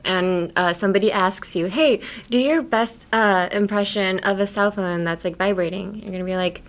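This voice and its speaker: A woman's voice: medium pitch, normal speed. A woman hosting a podcast, teaching English pronunciation in a casual, playful way and laughing often. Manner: playful, laughs often, explains with silly examples.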